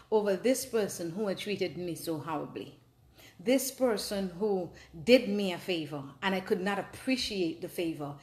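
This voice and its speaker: A woman's voice: mid-range voice, roomy sound. A woman hosting a personal advice talk, telling her own story earnestly and with animation. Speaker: host.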